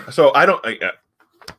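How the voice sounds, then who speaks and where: A man's voice: medium pitch, fairly bright tone, a little hiss or hum. A middle-aged man from the United States chatting casually about comics, rambling and hesitant but frank. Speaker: comic review host. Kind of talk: casual chat.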